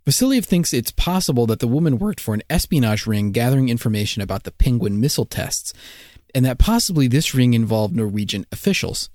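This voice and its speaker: A man's voice: medium pitch, a little fast, no echo, studio quality. A man co-hosting a casual podcast, telling a mystery with jokes between the facts. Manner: jokey, lively storytelling. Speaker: podcast co-host. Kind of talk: casual joking podcast chat.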